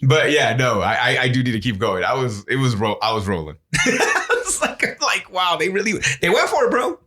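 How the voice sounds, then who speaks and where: A man's voice: mid-range voice, sing-song, fairly quick, sharp tone. A man co-hosting a podcast, chatting casually, laughing often and swearing as he rambles through stories. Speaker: podcast co-host. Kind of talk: casual chat.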